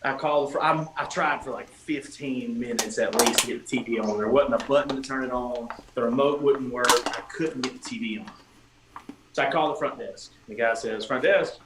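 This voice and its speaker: A man's voice: mid-range voice, a little fast. A man casually telling a long story on a livestream, swearing freely and acting out what people said. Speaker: guest musician. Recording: echoey room with faint ambient noise.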